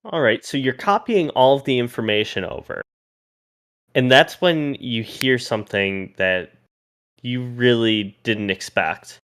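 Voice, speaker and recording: Guy running a tabletop game, smooth clear voice, chill and casual. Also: medium pitch, a little slow, a bit bright. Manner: casual, thinking aloud with restarts. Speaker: game master.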